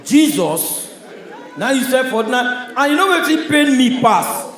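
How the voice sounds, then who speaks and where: A man with a Nigerian accent performing stand-up comedy, telling stories in a loud, punchy way. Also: extremely high pitch, big pitch swings, a little slow. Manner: loud, punchy storytelling with audience laughter. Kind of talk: stand-up comedy in Pidgin English. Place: stage in a large hall. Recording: echoey live hall sound.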